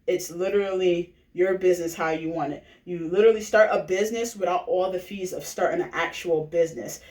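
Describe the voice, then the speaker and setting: A woman shares her personal story in a loose, conversational way, leaning on fillers and quick check-ins with her listeners. Her voice sits at a distance from the mic. It bounces around a reverberant room. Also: lowish voice, fairly even intonation, darkish tone. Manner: chatty, filler-heavy, keeps asking "right?". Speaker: direct-sales recruiter sharing her testimonial. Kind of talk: casual personal testimonial pitch.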